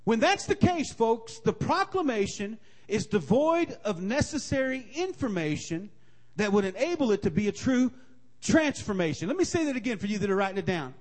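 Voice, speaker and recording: A man preaching a sermon, repeating his key lines and building to forceful emphasis. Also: high-pitched, big pitch swings, moderate pace.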